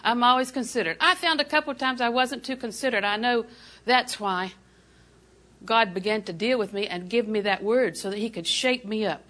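A woman's voice: fairly high pitch, moderate pace, a bit bright. An older woman preaching a sermon, telling folksy, humorous stories and laughing often.

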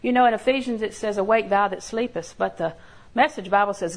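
Speaking fairly quickly in a medium-pitched voice, an older woman gives a sermon of homey stories, folksy in style, acting out small quotes and laughing along. The recording is low quality.

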